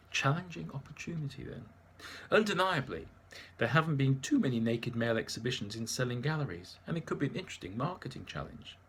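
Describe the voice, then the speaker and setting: A man's voice: medium pitch, sing-song, brisk, fairly bright tone, a little hiss or hum. A man narrating his memoir in a dry, wry manner.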